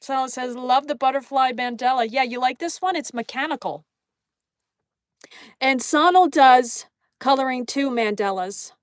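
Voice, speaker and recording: A woman's voice: high voice, moderate pace, no room sound, studio quality. A woman hosting a live stream, chatting casually, reading viewer comments aloud and thanking them with lots of laughter. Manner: bubbly, laughing often, exclaiming thanks to viewers. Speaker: livestream host.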